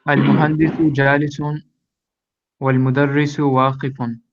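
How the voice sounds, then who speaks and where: A man's voice: mid-range voice, flat delivery, moderate pace, vocal fry, slight background noise. A man, a student, reading sentences aloud and translating them hesitantly, correcting himself. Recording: dull lo-fi sound.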